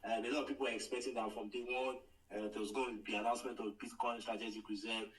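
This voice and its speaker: A man's voice: lowish voice, level tone, fast talker. Man, guest analyst, hesitant delivery, sounds far off, echoey room. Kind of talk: casual discussion on a call. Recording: echoey, distant call audio.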